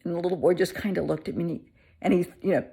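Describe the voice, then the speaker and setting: Animated woman storyteller, kinda breathy, chatty and earnest. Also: lowish voice, racing. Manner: animated, warm-hearted storyteller. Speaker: therapist. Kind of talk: casual storytelling to camera.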